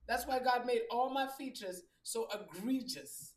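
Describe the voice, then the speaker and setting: A woman hosting a casual spiritual chat, with a strong low voice, talking loud and profane. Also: expressive, unhurried, few pauses, far from the mic, a little hiss or hum. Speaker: host.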